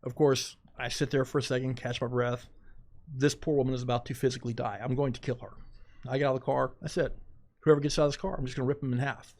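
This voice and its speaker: A middle-aged man, a podcast guest, telling a story in animated, dramatic fashion with quoted asides. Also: mid-range voice, fast. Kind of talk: casual storytelling.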